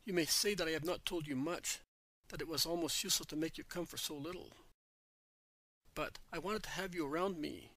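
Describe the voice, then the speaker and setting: A man reading a calm, tender spiritual teacher. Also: a little high, fairly quick, no room sound, poor audio.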